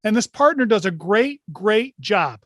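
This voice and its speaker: A man's voice: high-pitched, sing-song, measured pace, fairly bright tone, no room sound. A man hosting an online meeting for basketball officials, talking through a clip in a conversational way with frequent rhetorical questions. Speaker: meeting host. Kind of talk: instructional talk to officials. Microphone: video call.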